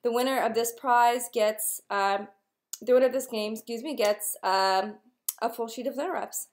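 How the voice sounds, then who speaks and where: A woman's voice: on the high side, moderate pace. A young woman talking casually to camera as a nail wrap consultant, chatty and upbeat, with lots of filler ums. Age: young adult. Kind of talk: casual direct-to-camera vlog.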